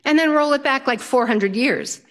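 An older woman, a self-taught storyteller, telling a personal story in a lively, humorous way, her pitch jumping up for punchlines. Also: normal speed. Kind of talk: personal story told to an audience.

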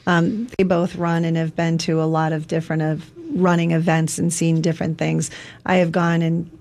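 Chatty woman, low-pitched. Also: normal speed. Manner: relaxed, chatty with many ums. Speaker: executive director of the race, guest. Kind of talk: radio talk show interview. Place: radio studio.

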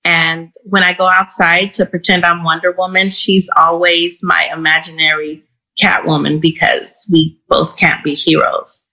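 Woman storyteller, lower pitch, crisp bright tone; earnest, measured first-person telling. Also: flat delivery, rough recording. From Houston, Texas. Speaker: storyteller and guest.

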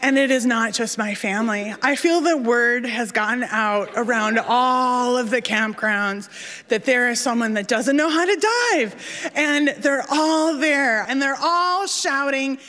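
A woman telling a funny personal story on stage, animated and self-mocking, acting out the voices of the people in it. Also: sits high, measured pace, long reverb tail.

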